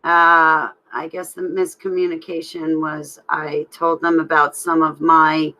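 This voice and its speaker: A woman telling a personal story in a halting, rambling way, with restarts. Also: sits low, level tone, sharp tone, low-quality recording. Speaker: vlogger telling her own story.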